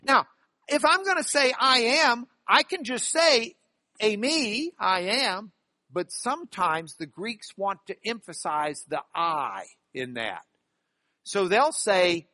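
A man teaching a class on biblical Greek grammar, animated and stressing key words by repeating them. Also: very high-pitched, no room sound. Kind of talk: classroom lecture.

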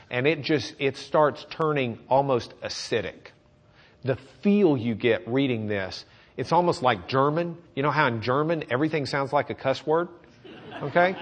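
Male Bible teacher, loose and chatty, reads scripture with building intensity, mid pitch. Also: highs cut off. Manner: reads scripture with rising intensity, jokes and laughs between verses. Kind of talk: sermon with scripture reading.

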